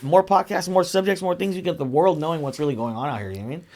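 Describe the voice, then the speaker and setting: A man's voice: a little high, rapid-fire, darkish tone. A man who raps, a guest on a podcast, chatting casually and often checking in with his listener. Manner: keeps tagging lines with 'you know what I mean'. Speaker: rap artist guest.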